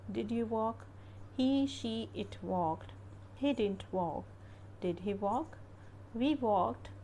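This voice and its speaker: Female teacher, measured slow grammar narration, drilling examples; light background noise. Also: medium pitch, warm tone. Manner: careful, drilling word lists. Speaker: English teacher.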